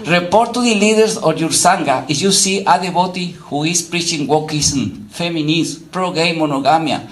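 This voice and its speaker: A man giving an emphatic religious lecture, often repeating himself and saying "you know". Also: a little high.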